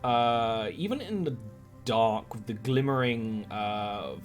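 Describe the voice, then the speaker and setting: A man's voice: mid-range voice, slow. A man narrating as game master, rambling through scene descriptions with lots of fillers. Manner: animated, rambling with many fillers. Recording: faint music bed behind.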